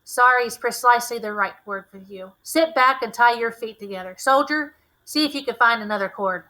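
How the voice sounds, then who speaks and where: A woman's voice: a little high, a little fast, bright, forceful tone, low-quality recording. A woman voicing a stern colonel who gives firm, clipped commands. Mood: commanding.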